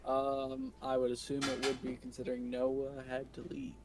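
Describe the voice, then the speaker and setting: A man in his thirties playing a tabletop game, drowsy and deadpan. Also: mid-range voice, normal speed, background noise. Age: 30s. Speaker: player. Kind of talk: casual chat in a tabletop game.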